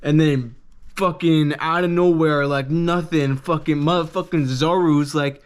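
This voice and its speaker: Dude rambling about a manga, swears a lot, kinda high voice, excitable. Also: male voice, a little slow, clear, resonant tone. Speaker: manga reviewer. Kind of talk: casual profane review.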